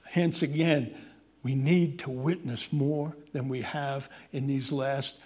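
A man preaching a sermon, swinging from loud emphasis to hushed pleading as he addresses his congregation. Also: medium pitch, steady tone, slow pace, slightly rough. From Irish heritage. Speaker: pastor.

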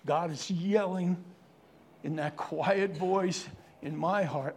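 Pastor, male, high-pitched; passionate sermon, swings from booming to whispered. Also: slight background noise. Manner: swings from loud, drawn-out preaching to hushed near-whisper; earnest, pleading, conversational.

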